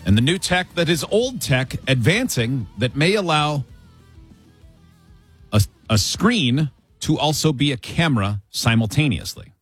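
A man hosting a radio talk show, telling a news story in a wry, animated way. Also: on the high side, measured pace, husky, soft background music.

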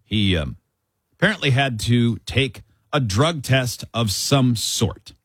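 A man hosting a radio talk show, telling a news story in a wry, animated way. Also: medium pitch, slow, dry recording, clean studio sound.

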